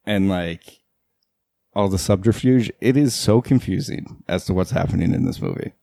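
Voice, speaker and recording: Man, low gravelly voice, dark tone, dry close mic, casual rambling movie chat. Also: moderate pace, dry recording. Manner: rambling, laughs often, swears casually. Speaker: movie commentary co-host.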